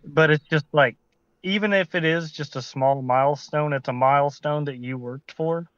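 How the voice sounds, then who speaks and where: A man's voice: fairly high pitch, moderate pace, clear, resonant tone, no echo, highs cut off. A man co-hosting a live stream, speaking earnestly in a rambling way with many fillers. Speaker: co-host. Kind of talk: casual chat.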